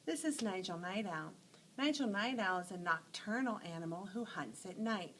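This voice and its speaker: Animated woman teaching letter sounds. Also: medium pitch, moderate pace, slight background noise, low-quality recording. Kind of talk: phonics lesson storytelling.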